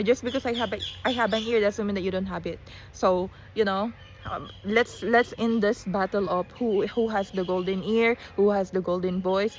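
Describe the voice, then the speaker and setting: A woman's voice: mid-range voice, background noise. A woman with a Filipino accent, just woken up, talking in a casual rambling monologue full of restarts, fillers and switches into Tagalog phrases. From Philippines.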